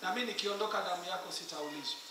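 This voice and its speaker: Kenyan preacher guy, really high voice, urgent pleading altar call, shouts sometimes, big echoey hall heard from far off, music under it. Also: very fast. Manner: urgent, pleading, switching between English and Swahili, swelling to shouts. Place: large echoing hall at a school meeting.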